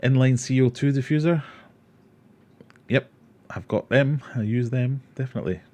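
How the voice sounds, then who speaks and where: A man's voice: mid-range voice, moderate pace, a little mellow. A man hosting a casual livestream, rambling, joking and reading viewer comments aloud. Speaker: aquarium livestream host.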